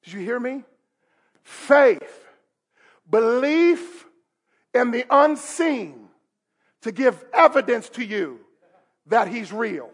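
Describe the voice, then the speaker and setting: A male pastor preaching a sermon in a church service, emphatic and rising to shouts with call-and-response. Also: very high-pitched, lively intonation, slow, long pauses, breathy edge.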